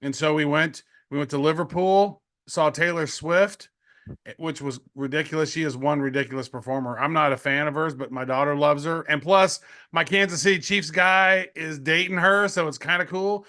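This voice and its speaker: A middle-aged man co-hosting a podcast, telling stories in an excitable, slangy way and laughing often. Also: fairly high pitch, moderate pace. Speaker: podcast co-host. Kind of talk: casual podcast chat.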